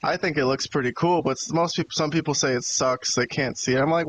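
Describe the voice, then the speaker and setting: A man with a slightly high voice talks through a casual podcast chat, rambling and cursing freely. A faint hiss sits under his voice. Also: a little fast, fairly bright tone, low-quality recording. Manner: rambling and profane, venting to co-hosts. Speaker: podcast host.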